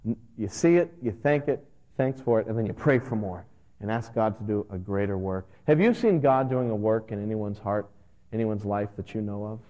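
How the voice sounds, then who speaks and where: A man in his thirties, a pastor, giving a conversational and earnest sermon that gets animated at times. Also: fairly low pitch, moderate pace. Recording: dull lo-fi sound with long hall reverb.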